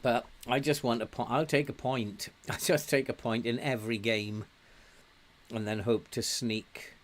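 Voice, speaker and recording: A man's voice: mid-range voice, fairly even intonation, a little slow, a little hiss or hum. An older man from England giving casual commentary while playing a football management game, chatty and laughing often, cheering his team on. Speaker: game streamer.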